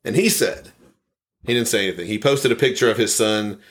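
A man's voice: lowish voice, fairly quick. A man hosting a podcast, reading listener comments aloud in a casual, rambling way and chuckling often. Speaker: podcast host.

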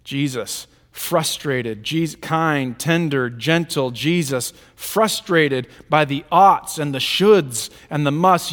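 High-voiced man preaching in a reverberant hall. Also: slow, few pauses, a bit bright. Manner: emphatic, rhythmic lists and repetition. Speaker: pastor. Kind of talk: sermon.

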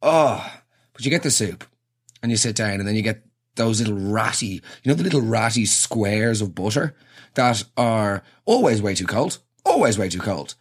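A man's voice: fairly low pitch, big pitch swings, moderate pace, husky. A young Irish man giving a rambling, sweary comic monologue and acting out little scenes.

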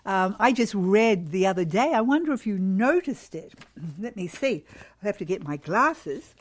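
A woman's voice: medium pitch, sing-song, moderate pace. A woman giving a devotional talk to mothers, exhorting and emphatic, acting out cheerful replies to strangers. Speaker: speaker addressing mothers.

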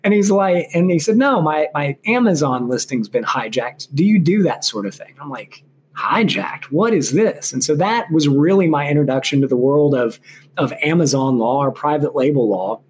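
A man in his thirties, an intellectual property lawyer, telling his story as an interview guest in a chatty, animated way with many fillers and restarts. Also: on the high side, normal speed, a little hiss or hum.

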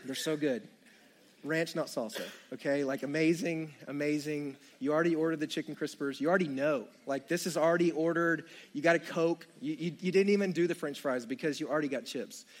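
A young male pastor delivers a sermon, retelling the story with jokey, playful asides to the congregation. His voice is fairly high and his pace fairly quick.

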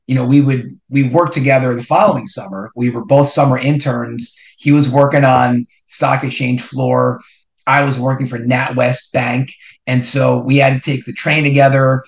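A middle-aged man from New Jersey, hosting a podcast and telling a personal story in an animated way, building suspense with repeated rhetorical questions. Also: mid-range voice, moderate pace, vocal fry. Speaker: podcast host. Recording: roomy echo.

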